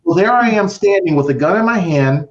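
A man's voice: sits high, expressive, brisk. Man, middle-aged, dramatic storyteller, acts out voices, echoey room, dull lo-fi sound. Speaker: podcast guest. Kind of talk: emotional personal storytelling.

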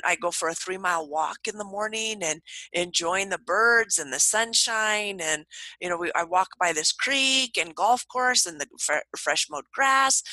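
A middle-aged woman guest telling lively, upbeat stories in casual conversation. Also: on the low side, no room sound, low-quality recording. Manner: upbeat, animated storytelling.

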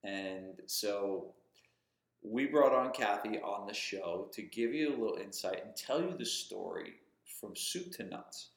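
A man's voice: on the low side, lively intonation, unhurried, vocal fry. A man hosting a podcast, casually interviewing a guest and joking as he prompts her story. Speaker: podcast host. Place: audio-only podcast recording. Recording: echoey room.

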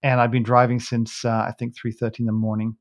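A man's voice: mid-range voice, completely flat delivery, quick pace. A man co-hosting a podcast, chatting casually in a rambling way, often restarting and correcting himself with a chuckle. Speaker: podcast co-host. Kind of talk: casual chat.

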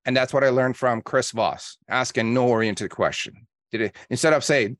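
A man with a medium-pitched voice is a guest on a podcast, talking as a marketing coach. He explains at length and acts out example phone calls in quoted voices. The sound is close and dry, with no room echo. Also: brisk. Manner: energetic storyteller acting out calls in quotes. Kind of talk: podcast interview.

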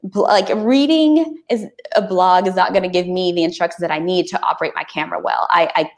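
A woman guest on a podcast, chatting casually and animatedly, with frequent restarts. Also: fairly low pitch. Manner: animated, talks fast with many restarts.

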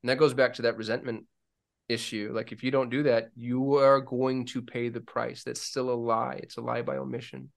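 A man's voice: medium pitch, normal speed, creaky. Candid man talking as a podcast guest. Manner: candid, animated when telling stories, voices other people. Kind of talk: casual conversation.

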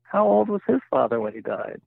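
An older man voicing a young, condescending male doctor, with a gravelly voice over a phone-like line. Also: high-pitched, big pitch swings, fairly quick, no room sound, pitched above the performer's own voice, full character voice. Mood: gushing.

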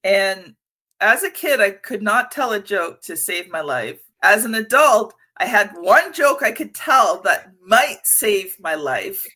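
Bright, lively woman podcast host. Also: mid-range voice, slow. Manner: lively, expressive storyteller. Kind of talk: conversational interview.

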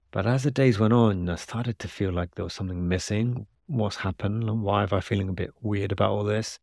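A man's voice: low-pitched, vocal fry, no room sound, studio quality. A man, hosting a podcast and chatting casually about tweets, rambling and self-deprecating. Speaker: podcast host.

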